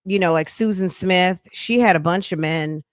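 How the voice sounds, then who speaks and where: A woman's voice: lowish voice, moderate pace, no room sound, studio quality. A woman hosting a reaction stream, giving blunt, slangy, scolding commentary in a casual way. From United States. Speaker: commentary host.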